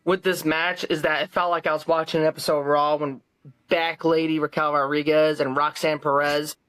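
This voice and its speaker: A young man co-hosting a casual podcast, excitable and swearing freely as he reviews matches. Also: on the high side, brisk, smooth, no echo. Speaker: podcast co-host. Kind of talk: casual chat.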